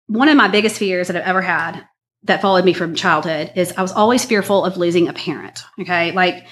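A woman's voice: mid-range voice, a bit bright. Woman, earnest conversational testimony, chatty with fillers. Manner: chatty and earnest, many fillers, says y'all. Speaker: guest sharing a personal story. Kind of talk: personal testimony talk.

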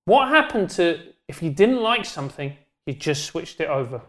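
A man, a podcast guest in animated, joking casual chat. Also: fairly high pitch, moderate pace. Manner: animated, joking, rambling with restarts.

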